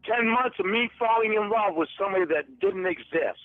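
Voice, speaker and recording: A man's voice: sits high, animated, brisk, dry recording, faint music behind. An angry man on a phone call, accusing and swearing heavily, heard over a tinny phone line.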